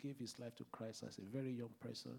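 Fervent pastor with a gravelly voice. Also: male voice, medium pitch, fairly even intonation, fast, darkish tone. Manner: fervent, conversational preaching. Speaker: host pastor. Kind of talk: church sermon and guest introduction. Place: church sanctuary.

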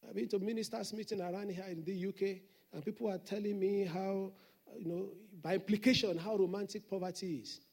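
A man's voice: high voice, fairly even intonation, fairly quick, gravelly, a little mellow. A man preaching a Sunday sermon as senior pastor, emphatic and repeating his declarations.

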